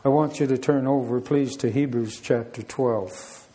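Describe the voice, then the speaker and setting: A man's voice: medium pitch, fairly even intonation, a little slow, warm tone, a little hiss or hum. A middle-aged man, preaching a sermon in a conversational, storytelling way full of rhetorical questions. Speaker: pastor.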